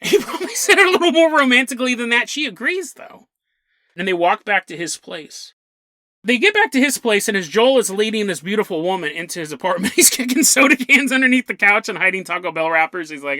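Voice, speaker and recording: Animated, bright-voiced man telling a funny story. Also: high-pitched, fairly quick, no echo. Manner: rambling, jokey, acts out quotes in funny voices. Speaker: podcast host. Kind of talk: comedic storytelling.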